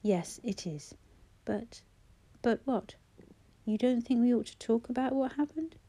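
A woman's voice: on the high side, a little slow, mellow. A woman narrator voicing a shaken, proud middle-aged father who speaks urgently and pleadingly. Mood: firm.

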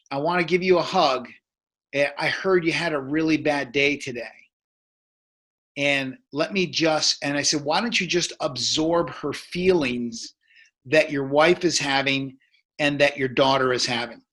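A man's voice: on the high side, a bit bright. A man in his fifties, a men's coach, telling a story in casual conversation, rambling with many fillers and restarts.

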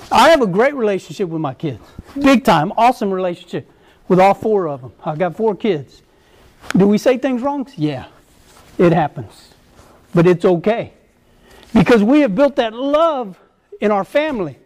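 A man's voice: sits high, animated, normal speed, darkish tone. A middle-aged man preaching to husbands and fathers, earnest and exhortative, repeating his key phrases. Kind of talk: sermon to men.

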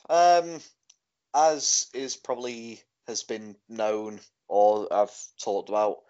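A man's voice: lowish voice, steady tone, slow, darkish tone. A man co-hosting a podcast in casual chat, rambling with lots of "sort of, like" fillers. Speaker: podcast co-host. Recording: dull lo-fi podcast audio.

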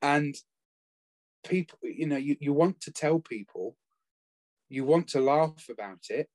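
A man, talking earnestly and haltingly about caring for his late spouse in a conversational interview. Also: fairly high pitch, expressive, darkish tone, dry recording. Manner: earnest, reflective, halting with restarts. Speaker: bereaved former family carer, guest.

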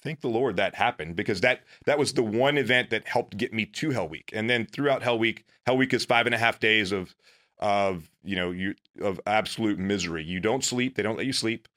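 A man's voice: fairly low pitch, a little fast, fairly bright tone. A man, a former Navy SEAL, telling his own story in casual, earnest, self-deprecating talk.

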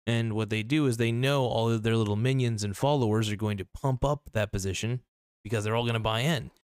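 A man's voice: on the low side, fairly quick, clean tone, no echo, studio quality. Blunt, profane podcast host man. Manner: blunt, profane, skeptical, many fillers. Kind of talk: casual opinionated podcast rant.

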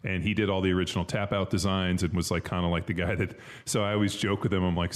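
A man hosting a casual conversation, relaxed and laughing along, with casual swearing. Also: sits low, fast talker, few pauses.

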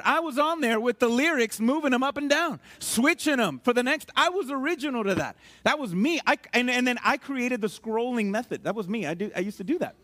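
A man's voice: high voice, a bit bright. A middle-aged man preaching a conversational sermon to his church, joking and asking the congregation questions. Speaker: pastor.

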